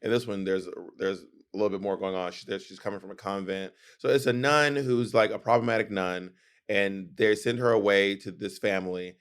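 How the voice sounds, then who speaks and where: Male co-host, lowish voice, chatty and opinionated, acts out quotes. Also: steady tone, normal speed, fairly bright tone. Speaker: podcast co-host. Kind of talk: casual chat.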